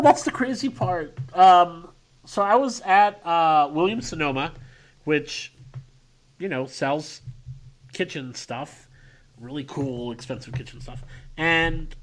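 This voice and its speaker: A man co-hosting a casual podcast, telling a story in an animated way. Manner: animated storytelling, quick pitch jumps. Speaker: podcast co-host.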